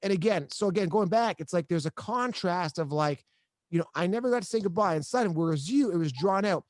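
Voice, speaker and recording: Man, podcast host, slightly high pitch, dry sound, halting, emphatic storytelling. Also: lively intonation, no room sound. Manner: halting, repeats words, emphatic. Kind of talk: emotional interview storytelling.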